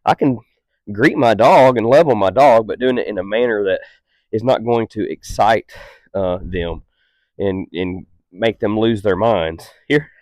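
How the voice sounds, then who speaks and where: A calm, patient man training a dog, with a fairly low voice. His explanations stay steady and unhurried, broken up by short, stern commands. The sound is dry and close. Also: no echo. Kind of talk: instructional demonstration.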